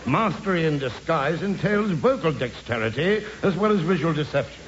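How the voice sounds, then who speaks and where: An actor playing a smug, pompous detective in a comedy radio drama, speaking in a lively, theatrical manner. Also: male voice, a little high, normal speed, muffled recording, lightly acted.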